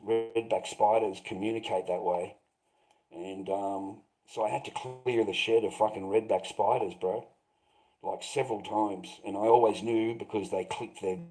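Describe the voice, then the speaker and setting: A man's voice: lowish voice, dark tone, poor audio. Profane, bitter Australian man rambling. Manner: profane, bitter, repetitive, calls listeners mate. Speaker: vlogger. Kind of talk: rambling monologue to viewers.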